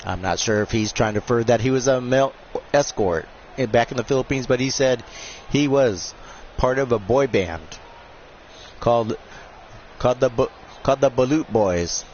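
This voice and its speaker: A man's voice: medium pitch, normal speed, darkish tone, a little hiss or hum. A man calls a wrestling video game on a live stream in a loose, rambling, joking way. His voice sits in a middle register, and the audio sounds dull and lo-fi. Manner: rambling, jokey, off-the-cuff. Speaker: host and commentator.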